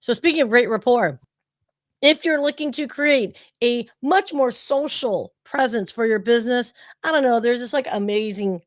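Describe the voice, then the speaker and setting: A woman's voice: fairly high pitch, moderate pace, dry recording, studio quality. A woman co-hosting a talk show, chatting casually with jokes and slang. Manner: joking, slangy. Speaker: co-host. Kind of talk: casual chat.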